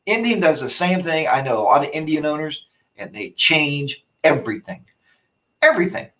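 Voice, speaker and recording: A man's voice: a little high, lively intonation, moderate pace, pushed and bright, far from the mic. A man hosting a casual live-stream chat, rambling and ranting while reading viewer comments aloud. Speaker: host of a motorcycle chat show.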